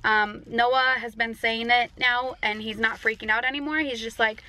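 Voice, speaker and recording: A woman's voice: a little high, steady tone, normal speed, bright, forceful tone, rough recording. A young pregnant woman with an Upper Midwest American accent, chatting casually in a family vlog and using many fillers and likes. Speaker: family vlogger. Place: out and about, car and store.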